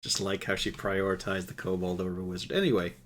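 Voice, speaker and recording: A man's voice: low voice, little pitch movement, fast, fairly bright tone, a little hiss or hum. A man running a tabletop game over a live stream, teasing his players and laughing often. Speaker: game master.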